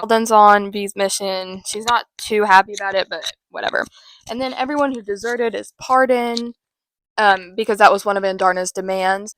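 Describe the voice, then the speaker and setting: A woman hosting a casual book recap, talking in a rambling, chatty way with self-mocking asides. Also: medium pitch. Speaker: host.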